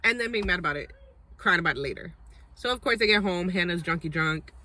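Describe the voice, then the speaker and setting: A woman's voice: on the low side, lively intonation, fast talker, sharp tone. A young adult woman recapping a reality dating show in a chatty, sassy, opinionated way. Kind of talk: casual recap and commentary.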